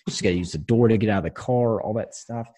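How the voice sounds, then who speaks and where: A podcast co-host with a low, husky voice, talking in a loose, casual way. He is blunt and passionate, tells his stories with plenty of swearing, and keeps pressing his point home. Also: fast, mellow. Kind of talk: casual chat.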